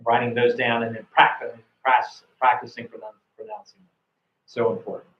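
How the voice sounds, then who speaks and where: A man's voice: medium pitch, animated, a little fast, creaky. Encouraging male speaking-test coach. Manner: encouraging, repeats words and restarts often. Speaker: IELTS speaking examiner and coach. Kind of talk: spoken test feedback. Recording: roomy, dull lo-fi sound.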